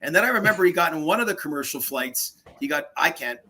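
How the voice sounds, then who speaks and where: A man's voice: on the high side, expressive, quick pace, pushed and bright, breathy edge, low-quality recording. An older man, a veteran hockey broadcaster, telling anecdotes in a casual interview and acting out the voices he quotes.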